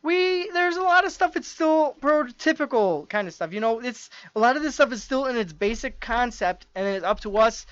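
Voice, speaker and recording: A man's voice: very high-pitched, animated, normal speed, hardly any pauses, a bit bright, clear, resonant tone, no echo. A man co-hosting a podcast in casual chat, rambling eagerly with many fillers and restarts. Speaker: podcast co-host. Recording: dull lo-fi dry recording.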